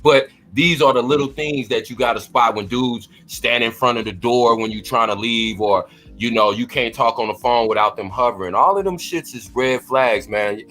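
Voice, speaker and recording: A man talking in casual commentary, blunt and free with swearing. His pitch is ordinary for a man, with faint music underneath. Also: normal speed, few pauses, fairly bright tone. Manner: blunt, profane advice.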